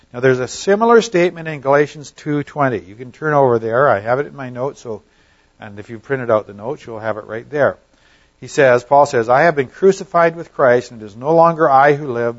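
A man teaching through a Bible passage, talking plainly and often pausing to ask whether his listeners follow. His voice sits at an ordinary middle pitch, and the recording is a little dull and muffled. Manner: conversational, checks in with listeners, often trails off quietly. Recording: slightly dull, lo-fi sound.

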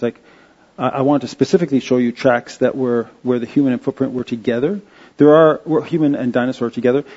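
A man giving an informal slide-show talk, halting and restarting with many fillers. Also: mid-range voice, mellow, husky, dull audio. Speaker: presenter.

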